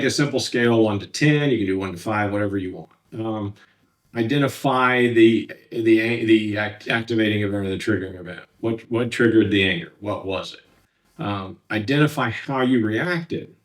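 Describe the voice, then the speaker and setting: Lowish male counselor lecturing from slides. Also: far from the mic. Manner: plain conversational teaching, frequent fillers and restarts.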